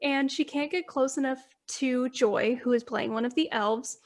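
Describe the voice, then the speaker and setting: A woman's voice: sits high, normal speed. A young woman co-hosting a book podcast, chatting casually and gushing as she retells scenes with frequent laughs. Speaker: podcast co-host. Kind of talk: casual book-club chat.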